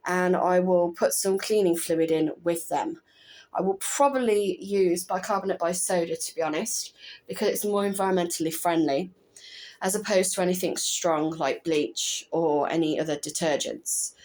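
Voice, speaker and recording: A woman, chatting casually through a home cleaning vlog, correcting herself and adding wry asides. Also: on the low side. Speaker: vlogger. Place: home bathroom.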